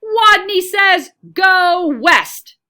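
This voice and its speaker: Wodney Wat, une femme qui joue un petit rat couineur. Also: female voice, very animated, takes it slowly, sharp tone, exaggerated voice. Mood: bold. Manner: squeaky, swaps r sounds for w. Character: tiny shy boy rat with a lisp-like speech trouble.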